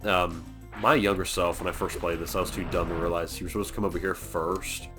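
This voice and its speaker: A man with a low voice talks casually over his gameplay as a let's play host. He rambles and pokes fun at himself in a chatty way. Faint music plays underneath. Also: flat delivery, fast talker. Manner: rambling, self-deprecating, chatty. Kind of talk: casual game commentary.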